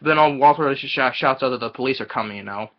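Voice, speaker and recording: A male film reviewer retells a movie's plot casually, rambling and halting with lots of fillers and chuckles. His voice is mid-range and the audio sounds dull.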